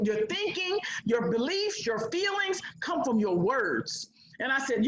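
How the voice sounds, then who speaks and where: Animated high-voiced woman in an echoey room. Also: dull audio, slight background noise. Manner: animated, emphatic, acts out quotes. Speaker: guest. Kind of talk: interview storytelling.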